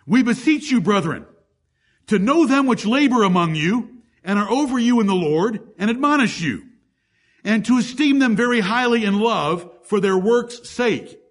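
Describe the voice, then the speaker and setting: Husky-voiced man preaching a sermon. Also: sits high, animated, moderate pace. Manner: preaching, reading scripture aloud with emphasis. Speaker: pastor.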